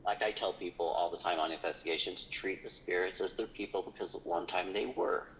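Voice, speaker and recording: A man's voice: low voice, a little fast, fairly bright tone, a little hiss or hum, rough recording. A man, a paranormal investigator, telling a story in casual conversation, rambling with lots of fillers.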